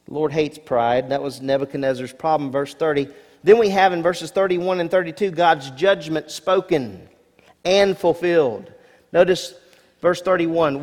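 A man preaches in a church, his slightly high voice climbing on key words before dropping into relaxed asides to the congregation. Reverb from the sanctuary hangs behind every phrase. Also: unhurried. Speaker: pastor. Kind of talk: sermon. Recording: long hall reverb.

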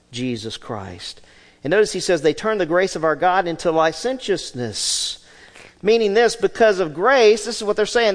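A pastor preaches an animated sermon in a fairly high-pitched voice, swinging from loud emphasis to hushed asides, with a long reverb tail behind him.

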